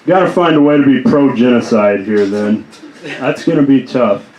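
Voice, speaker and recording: A man doing improvised stand-up in a small comedy club, halting and laughing at his own jokes. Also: mid-range voice, animated, darkish tone. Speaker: stand-up comic. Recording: roomy club.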